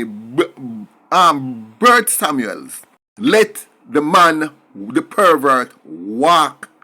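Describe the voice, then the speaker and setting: Emphatic Jamaican man, animated pitch. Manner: emphatic, indignant, switching into patois. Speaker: commentator. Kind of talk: opinion monologue to camera.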